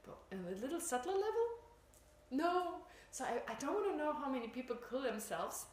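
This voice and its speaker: In an informal dharma talk, a woman teaches Buddhism in a chatty way, laughing often and poking fun at herself. Her voice sits high and a little mellow, with big pitch swings and a fast pace. The room is echoey, with faint ambience and slight background noise.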